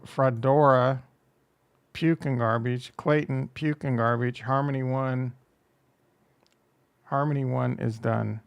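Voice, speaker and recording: Gravelly, smooth-voiced casual streamer. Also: male voice, medium pitch. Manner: rambling, jokey, self-deprecating, reads chat aloud. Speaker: crypto livestream host. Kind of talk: casual livestream commentary.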